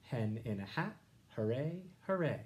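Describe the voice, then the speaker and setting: A man teaching young listeners, reading a rhyming picture book aloud and explaining it in a gentle, encouraging way. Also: medium pitch, big pitch swings, a little slow. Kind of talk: read-aloud lesson.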